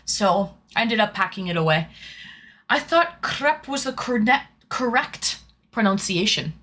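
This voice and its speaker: Young adult woman streamer with a bright voice, casual and rambling, greets viewers by name. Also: mid-range voice, sing-song, a little slow. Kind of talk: casual live-stream chat.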